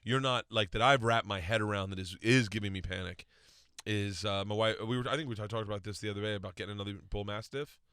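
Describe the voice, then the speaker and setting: A man's voice: lowish voice, fast talker, fairly bright tone, smooth, no room sound. A man, a comedian guest, telling rambling self-deprecating stories in a casual chat in a radio studio.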